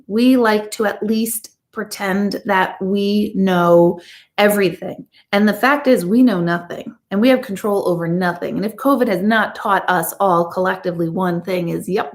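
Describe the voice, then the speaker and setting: A middle-aged woman and intuitive coach, chatting casually and candidly to her viewers in a blunt, talkative way. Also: medium pitch. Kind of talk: casual live chat to viewers.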